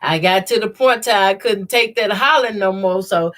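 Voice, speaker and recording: Chatting while she sews, this quilting sew-along host is a middle-aged woman with a medium, slightly bright voice that sounds stuffy from her sinuses. She talks at normal speed, laughs a lot, and reads out comments from her livestream viewers.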